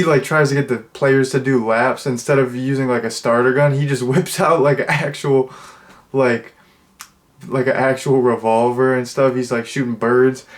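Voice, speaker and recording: Young male reviewer, casual and rambling, average pitch, filler-heavy delivery. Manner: rambling, full of "like" and restarts. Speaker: movie reviewer.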